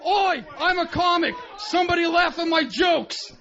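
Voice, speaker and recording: A man putting on a loud, heavy mock accent and shouting his lines as a joke. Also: very high-pitched, normal speed, noisy background, voice pushed up. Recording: muffled radio broadcast, live crowd.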